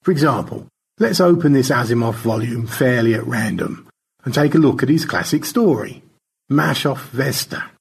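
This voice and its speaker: A man's voice: mid-range voice, expressive, moderate pace, vocal fry, slightly rough, pitched above the performer's own voice, heavily acted. A man voicing Stanley, a dry-witted space rescuer who teases in easy banter. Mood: teasing.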